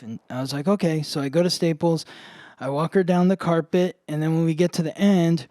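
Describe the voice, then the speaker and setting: A man's voice: fairly high pitch, fairly even intonation, brisk, a little mellow, no room sound. A man co-hosting a podcast, telling a story in a casual chat full of "like" fillers. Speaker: podcast co-host, astrologer.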